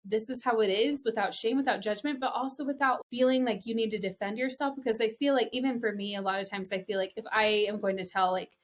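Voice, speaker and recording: A woman's voice: a little high, fairly even intonation, quick pace, hardly any pauses. A woman hosting a podcast, enthusiastic and affirming, asking long, rambling questions. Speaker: podcast host. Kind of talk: interview conversation.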